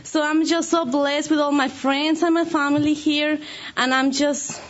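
A woman giving a short speech as a new citizen, excited and nervous, gushing with thanks. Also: high voice, normal speed. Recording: dull lo-fi recording.

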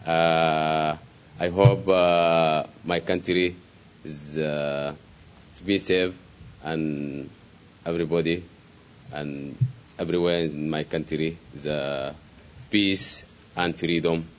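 A man from Sudan with a very low, monotone voice gives a halting speech full of hesitations. He is a new citizen. The sound is muffled and lo-fi. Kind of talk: short ceremony speech. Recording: dull lo-fi recording.

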